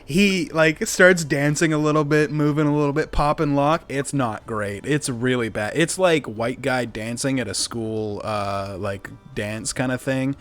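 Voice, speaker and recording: A man narrates a tabletop game as game master, taking his time and pausing often. His delivery is laid-back and loose, full of fillers. Faint music plays behind him. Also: mid-range voice, fairly bright tone.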